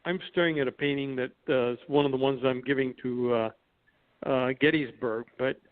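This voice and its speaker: A man's voice: mid-range voice, steady tone, normal speed. A man, an artist guest in a radio interview, speaking reflectively, stammering and filling gaps with uh. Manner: reflective, stammers, many uhs. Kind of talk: conversational interview. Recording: tinny phone-line sound.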